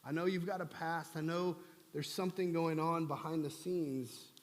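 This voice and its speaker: A man voicing a tender, reassuring lover, speaking softly and calmly. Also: normal speed, close to an everyday voice. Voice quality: soft, low, calm. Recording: long church hall reverb.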